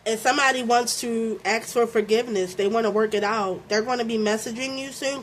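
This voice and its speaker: A woman's voice: a little high, slight background noise. A young adult woman from Baltimore with a Baltimore accent, doing a casual tarot reading. She talks with lots of fillers, keeps checking in with "okay?", and swears freely. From Baltimore, USA. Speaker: tarot reader.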